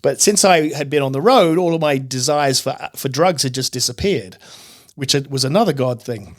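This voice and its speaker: A man as a podcast guest, sharing his personal testimony in an earnest, animated storytelling manner. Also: medium pitch, moderate pace. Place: podcast studio.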